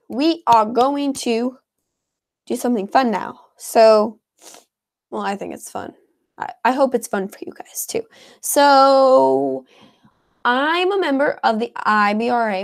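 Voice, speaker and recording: A woman, chatting casually as a co-host and reading out viewer comments, her talk full of "like" and "um". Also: fairly high pitch. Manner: chatty, heavy on filler words like "like" and "um". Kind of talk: casual live chat.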